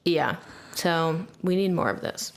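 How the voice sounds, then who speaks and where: A woman co-hosting a podcast in relaxed casual chat, laughing often. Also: lowish voice, unhurried, gravelly. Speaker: podcast co-host.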